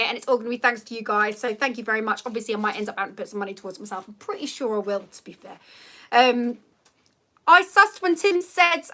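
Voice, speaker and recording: A woman in her thirties hosts a casual livestream from home. Her voice sits high and sounds bright and crisp, and she talks in a chatty, rambling way full of ums and likes. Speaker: livestream host. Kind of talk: casual live chat reading comments.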